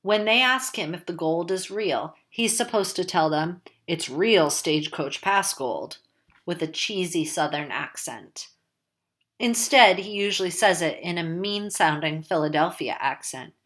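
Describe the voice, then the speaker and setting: A woman's voice: fairly low pitch, moderate pace, fairly bright tone. A woman reading a first-person novel aloud in a casual, wry, conversational way. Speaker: audiobook narrator.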